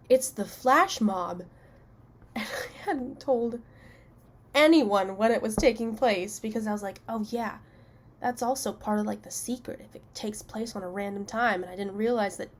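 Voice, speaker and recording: A young woman makeup vlogger chatting casually and telling a story while she applies eyeshadow, self-mocking and quick to laugh. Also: medium pitch.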